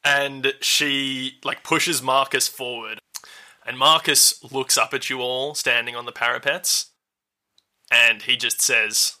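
A man narrating a tabletop game as dungeon master and podcast host, relaxed and chatty with fillers. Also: mid-range voice, slow.

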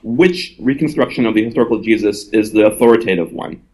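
A man's voice: on the low side, quick pace, a little mellow, slight background noise, poor audio. A man, an author speaking at a live gathering, who reasons aloud in an earnest, conversational way and often slips into quoted voices.

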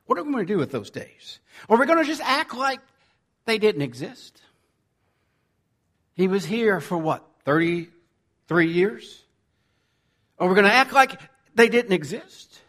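Pastor guy preaching, high voice that jumps all over the place, goes loud then almost whispers. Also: measured pace, long pauses. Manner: animated preaching, swinging from loud to near-whisper. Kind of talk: sermon.

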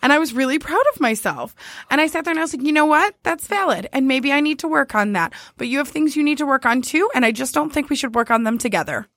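Woman chatting, high voice that jumps around a lot, acts out the quotes. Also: fast, no echo. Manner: animated storytelling, acts out quotes. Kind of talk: casual chat.

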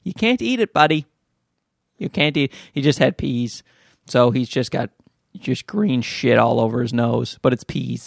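A young adult man hosting a casual solo podcast at home, rambling and joking with animated asides, holding the mic close. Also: medium pitch, gravelly, no echo. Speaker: podcast host. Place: at home with a baby. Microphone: handheld mic held close.

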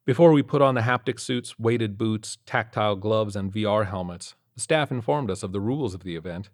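A man tells a scary first-person tale in a low voice, letting the tension build line by line. His delivery stays steady and storyteller-like, pulling the listener toward each discovery. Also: normal speed. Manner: tense, building suspense. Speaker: narrator.

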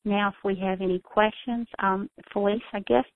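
A woman's voice: mid-range voice, steady tone, moderate pace, slight background noise. A middle-aged woman from South Carolina, earnest and heartfelt, telling a personal story as a guest speaker with frequent ums. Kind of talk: closing a talk with a personal story. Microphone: phone. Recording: tinny phone line, dry.

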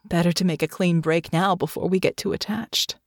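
A woman reading a story aloud, voicing a young woman soldier who hides a secret, sharp and commanding yet tired. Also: fairly low pitch, steady tone, fairly quick, no room sound, studio quality, natural voice. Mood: weary.

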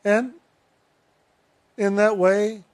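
A man giving a sermon, telling a story in a slow, reflective way with retold dialogue. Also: sits high, fairly even intonation.

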